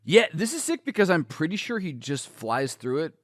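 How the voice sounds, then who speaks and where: A young man with a lively, swooping voice that sits a bit high, riffing on a comic for his podcast. He asks questions and jokes around, recorded dry and close to the mic. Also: moderate pace, no room sound. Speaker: podcast co-host. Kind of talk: casual comic book discussion.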